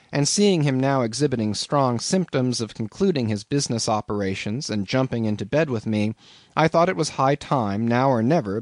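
A male audiobook narrator reading a classic novel in a lively, expressive storytelling voice. His pitch moves a great deal as he reads, at a middling height. The sound is dry and close. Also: dry recording.

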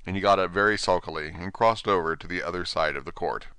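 A man narrating a storybook in an expressive, animated way on a close mic. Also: deep voice, quick pace, smooth, dry recording. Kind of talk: storybook reading.

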